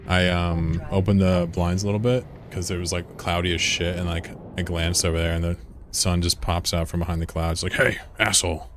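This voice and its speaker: During a live game stream from a room at home with a window, a man rambles to his viewers and swears freely in casual chat. He talks a little fast in a low, fairly monotone voice, with background noise audible.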